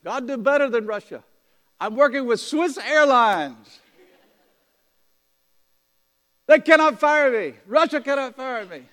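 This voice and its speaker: A man voicing a grown Russian man, high and loud, with an urgent, pressing delivery. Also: lively intonation, normal speed. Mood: overjoyed. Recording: long hall reverb.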